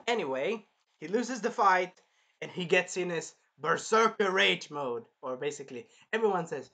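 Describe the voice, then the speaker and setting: Man, excitable anime recap, swearing, bright forceful voice. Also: high voice, moderate pace, gravelly. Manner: excitable, swears a lot, acts out characters in shouted voices. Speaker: anime reviewer. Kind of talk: casual anime recap and review.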